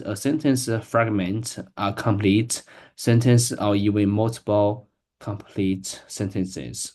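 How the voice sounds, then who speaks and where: Man, slightly low pitch, hesitant learner reading aloud with frequent restarts. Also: a little mellow. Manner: halting, hesitant, many restarts. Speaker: English learner. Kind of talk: reading practice with an AI assistant.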